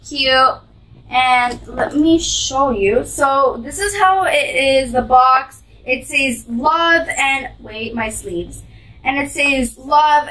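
Female vlogger for a gift unboxing: high voice, gushing and sweet, sitting a bit back from the mic. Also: pushed and bright, far from the mic, rough recording. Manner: gushing, sweet, describes each item aloud.

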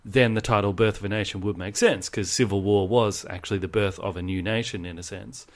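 A man's voice: fairly low pitch, brisk. An Australian man hosting a podcast, chatting casually and telling jokey stories. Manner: animated, joking storyteller. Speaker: podcast host. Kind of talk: casual chat.

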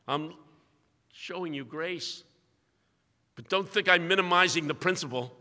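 An older man preaching a sermon in a university chapel, telling stories with big swings between loud, emphatic lines and quiet, hushed ones. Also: expressive, moderate pace. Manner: storytelling, dramatic swings in volume and pitch. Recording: long hall reverb.

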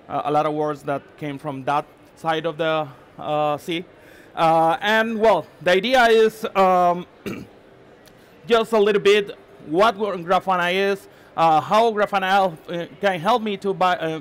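A man from Mexico with a Mexican accent gives a live tech talk at a conference. He speaks in a halting way, restarts words, and keeps checking in with the audience. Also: high voice, clear, resonant tone. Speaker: conference presenter. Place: conference session room.

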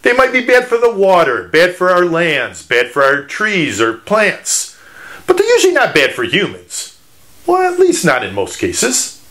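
Lively, animated man explaining to kids. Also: sits high, a little slow. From Michigan. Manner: animated, teacherly, playful with puns. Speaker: children's author. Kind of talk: educational talk for children.

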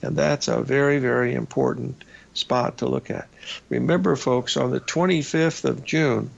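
A male radio host giving casual market commentary over charts, folksy and rambling, with a raspy voice and lots of "uh" and "folks". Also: medium pitch, steady tone, moderate pace. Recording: slightly dull lo-fi broadcast audio.

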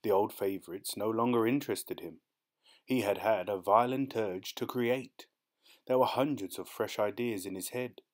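A man narrating an audiobook in a measured storytelling manner. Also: fairly low pitch.

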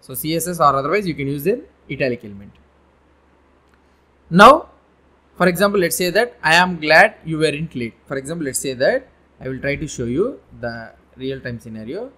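A man's voice: fairly high pitch, big pitch swings, moderate pace, sharp tone. Man teaching a casual coding tutorial. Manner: explains with many restarts and repetitions; informal, meandering phrasing. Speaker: web development instructor. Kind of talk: coding tutorial, screen-share lesson.

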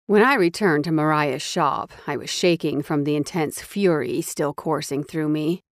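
A woman's voice: low voice, normal speed, dry recording, studio quality. A woman narrating a first-person romance audiobook in an intense, dramatic read.

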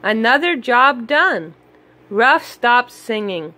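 A woman reading a children's picture book aloud, slow, gentle and expressive. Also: on the high side. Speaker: storybook reader. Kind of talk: children's read-aloud narration.

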